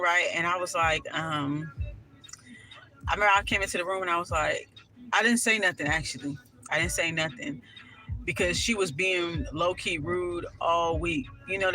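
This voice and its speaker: A woman telling a personal story in a casual vlog, sassy and animated, swearing freely and full of asides. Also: lowish voice, low-quality recording.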